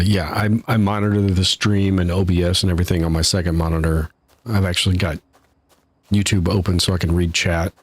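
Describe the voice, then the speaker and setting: A man's voice: deep voice, husky, no room sound. A man casually commenting while he streams a game live, chatty and laughing at his own troubles from his home setup. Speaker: gaming streamer.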